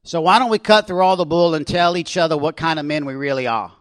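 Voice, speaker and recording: A man voicing a brash, boastful Australian outdoorsman in a book reading. He speaks loudly and pushily, with an Australian accent. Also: fairly high pitch, fast talker, no room sound, close to an everyday voice. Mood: cocky. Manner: boastful, needling, loud and pushy.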